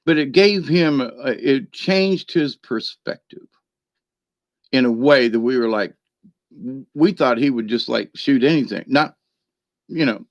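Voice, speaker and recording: A man telling a rambling personal story in a chatty way, laughing often and filling pauses with ums and restarts. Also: mid-range voice, no echo. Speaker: spiritual card reader. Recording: dry, dull lo-fi sound.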